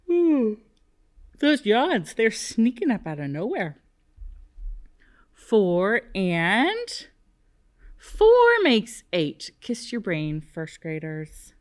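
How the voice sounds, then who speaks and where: Slow, sing-song first grade teacher woman. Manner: slow, animated, sing-song teacher talk with big pitch swings. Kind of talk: TV classroom lesson for young children.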